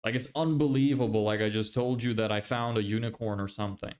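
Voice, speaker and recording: A man's voice: on the low side, fairly even intonation, fast, a little mellow. A young man chatting casually on a livestream, reading viewer messages, swearing and laughing often. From Ireland. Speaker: livestreamer and agency owner.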